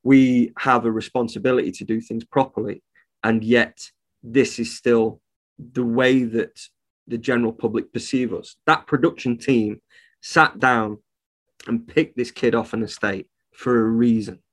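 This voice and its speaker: A man's voice: medium pitch, steady tone, measured pace. A man, a reptile shop owner, talking bluntly and indignantly as a podcast guest and swearing freely. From United Kingdom. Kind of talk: casual podcast conversation.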